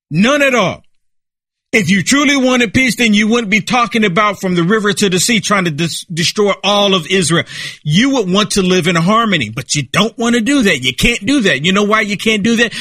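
A man delivers fired-up political commentary in a high, piercing voice with a forceful edge. He hammers his points home, repeating lines like a preacher. The sound is dry and close to the mic. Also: no echo. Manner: emphatic, repetitive, preaching tone.

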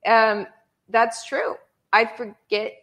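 A woman's voice: on the high side, level tone, slow pace, a bit bright. Blunt joking woman hosting a livestream. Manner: blunt, joking, laughs often. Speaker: host. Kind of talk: casual livestream chat.

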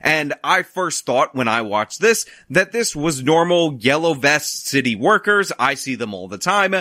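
A man's voice: on the high side, sing-song, unhurried, bright, forceful tone, no echo, clean studio sound. A man ranting sarcastically as he comments on news clips, mocking and worked up. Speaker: political commentator.

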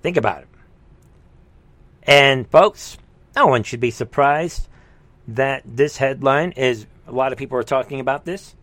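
Bright-voiced heated male commentator. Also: medium pitch, a little slow, pauses often, no echo. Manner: heated, scornful, mocking asides. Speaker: political commentary host. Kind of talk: livestream reaction commentary.

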